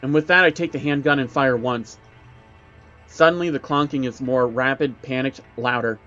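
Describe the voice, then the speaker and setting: Male horror story narrator, dramatic and tense, mid pitch, faint music behind. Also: fairly even intonation, moderate pace, pushed and bright. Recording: dull recording with background music.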